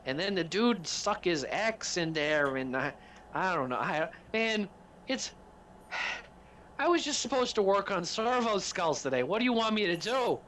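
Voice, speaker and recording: A man's voice: high-pitched, very animated, unhurried, a bit bright, slight background noise, pitched above the performer's own voice, exaggerated voice. A man voicing a nervous male lumberjack mechanic who stammers and pleads. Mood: flustered.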